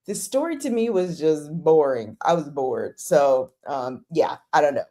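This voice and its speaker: A young woman hosts a casual live chat, her pitch swinging widely as she talks. She gushes and gets exasperated by turns, acting out her own reactions. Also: very animated, normal speed, hardly any pauses, warm tone.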